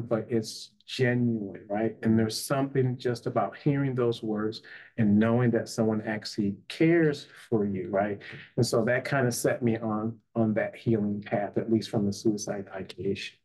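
A man's voice: mid-range voice, a little mellow. A man, a psychotherapist and life coach, telling an emotional personal story in earnest, often checking in with "right?" and "you know". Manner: earnest, tag questions, frequent "you know".

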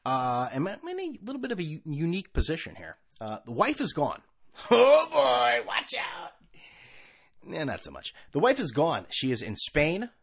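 A man's voice: huge pitch swings, a little fast, hardly any pauses, fairly bright tone. Rambling sarcastic man in his thirties. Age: 30s. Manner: sarcastic, rambling, mimics people in high mocking voices. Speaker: podcast host. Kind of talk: solo podcast monologue. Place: California.

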